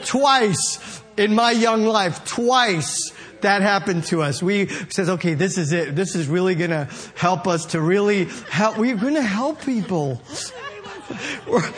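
A man's voice: sits high, a bit bright. A man preaching a sermon, telling a story with mimicked voices and laughing so hard he is in tears. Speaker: pastor.

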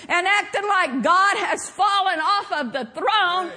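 A woman preaching a sermon with fervour, often breaking into shouts and laughter as she drives each point home. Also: very high voice, slow, hardly any pauses.

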